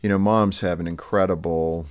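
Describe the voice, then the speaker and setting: A man with a very deep voice hosting a casual chat show. He is upbeat and jokey and keeps the conversation moving. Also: fairly even intonation, normal speed, clear, resonant tone. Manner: upbeat and jokey, guiding the talk.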